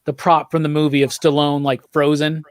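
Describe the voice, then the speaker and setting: A man hosting a casual movie podcast, talking quickly and laughing, with casual swearing. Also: on the high side, flat delivery, clean tone, no echo, studio quality. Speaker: podcast host. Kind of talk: casual chat.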